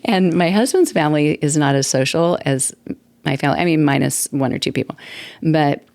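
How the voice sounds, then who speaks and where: A chatty woman in her sixties talks on her own podcast, rambling and laughing as she goes. Her voice has a gravelly fry in it. The recording is dry, with little room sound. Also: low-pitched, fairly quick, a little mellow, dry recording. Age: 60s. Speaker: podcast host. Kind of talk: casual solo talk. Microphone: desktop mic at computer.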